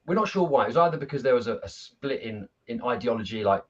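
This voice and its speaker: Husky storytelling man. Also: medium pitch, quick pace, highs cut off. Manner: animated storyteller, laughs at his own anecdotes. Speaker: amateur football coach. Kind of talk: casual video chat.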